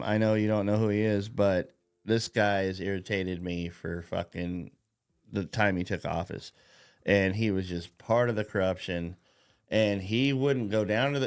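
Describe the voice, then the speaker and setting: A man's voice: on the low side, normal speed, clear, resonant tone. A man hosting a podcast in a casual political rant, profane and rambling, mocking, and laughing at his own jokes. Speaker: podcast host.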